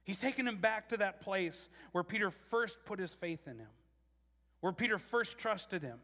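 A man preaching a casual, animated sermon, restarting phrases often and acting out quotes. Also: high voice, moderate pace, long reverb tail. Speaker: pastor.

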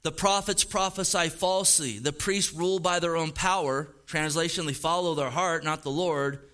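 A man's voice: on the high side, fairly even intonation, moderate pace, fairly bright tone. A man preaching a sermon as pastor, emphatic and casual, with slang.

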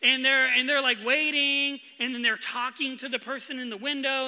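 A young man preaching a sermon, telling stories in an animated way and acting out his own frustration loudly. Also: very high-pitched, moderate pace, hardly any pauses. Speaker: pastor. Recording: long reverb of a large hall.

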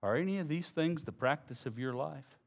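A man preaching a sermon, folksy and direct with the congregation, swinging from low, quiet passages to loud emphasis. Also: lively intonation, brisk, gravelly. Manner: folksy, addresses congregation as y'all. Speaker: pastor.

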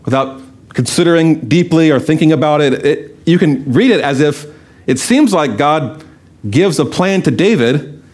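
A man preaching a sermon in a conversational way, asking rhetorical questions and telling stories. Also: on the high side. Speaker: pastor.

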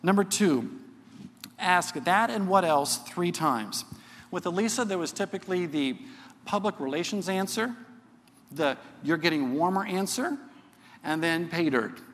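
In an easygoing but earnest sermon, a middle-aged man teaches a church crowd, adding "okay?" to each point. His slightly high, somewhat bright voice has lively intonation, a measured pace and long pauses. A long reverb suggests a large church auditorium.

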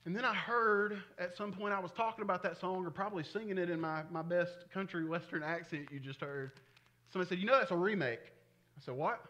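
Male pastor, 40s, high ringing voice, chatty animated preaching. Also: a little fast, lo-fi sound. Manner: conversational, animated preaching with frequent chuckles. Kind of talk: sermon.

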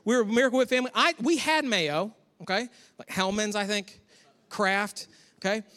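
A man from Western New York preaching a conversational sermon, with chatty, animated asides to the congregation. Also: sits high, normal speed. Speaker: pastor. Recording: long hall reverb.

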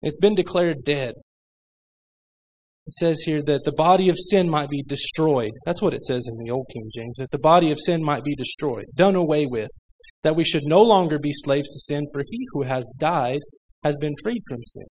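A man's voice: fairly high pitch, moderate pace, a little mellow, a little hiss or hum, rough recording. A middle-aged man teaching a church Bible class, reading scripture aloud in a loose, joking, conversational way.

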